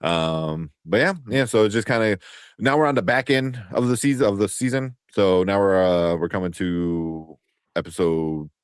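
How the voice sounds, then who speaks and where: A man's voice: low-pitched, normal speed, smooth, no echo, studio quality. A man hosting a casual podcast chat, sleepy and rambling, with many restarts. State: sleepy, yawning. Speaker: podcast host.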